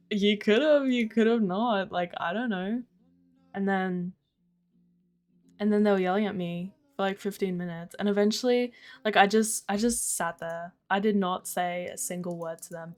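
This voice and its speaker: This livestreamer, a young Australian woman, has a lowish voice with a darkish tone. Her storytelling is chatty, loaded with "like," swearing and plenty of laughter.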